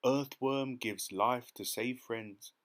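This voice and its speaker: A man's voice: mid-range voice, slow, a bit bright. A man voicing a proud female spider who speaks in a slightly huffy way in an audiobook. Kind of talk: audiobook character reading.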